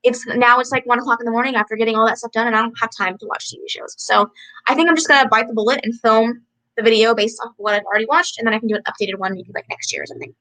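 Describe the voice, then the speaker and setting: Bubbly, bright-voiced young woman chatting. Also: a little high, steady tone, rapid-fire, poor audio. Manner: chatty, bubbly, frequent likes and laughs. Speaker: book vlogger hosting a livestream. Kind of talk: casual chat reading viewer comments. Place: home.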